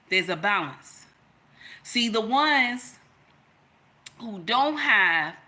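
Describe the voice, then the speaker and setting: A woman's voice: mid-range voice, bright, forceful tone. A woman, giving an emphatic, storytelling opinion monologue in which she repeats her points. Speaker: content creator.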